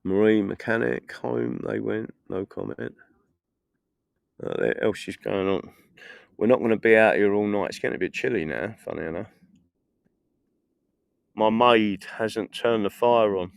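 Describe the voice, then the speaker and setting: A man's voice: lowish voice, moderate pace, gravelly, dry recording. A middle-aged man from England chatting on a casual livestream outdoors at a festival, rambling through stories, swearing and laughing at his own jokes. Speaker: political livestreamer. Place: outdoors at a festival field in the evening.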